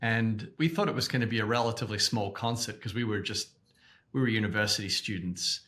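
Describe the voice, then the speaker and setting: An Australian man in his forties, a guest in an interview, telling stories in an animated way and often repeating words as he restarts. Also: lowish voice, a little fast. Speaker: guest, activist organization co-founder. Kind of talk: interview storytelling.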